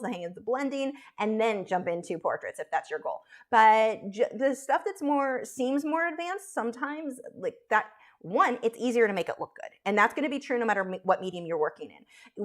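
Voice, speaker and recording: A woman chatting casually while teaching a live drawing stream, frank and talkative, with frequent fillers and restarts. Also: on the high side. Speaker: art instructor streaming live.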